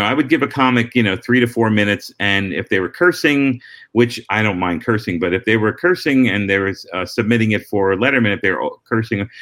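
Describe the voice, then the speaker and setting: Relaxed storytelling middle-aged comedian. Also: male voice, lowish voice. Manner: relaxed storytelling with frequent restarts and asides. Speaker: comedian and former talk-show warm-up act. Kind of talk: casual interview answers.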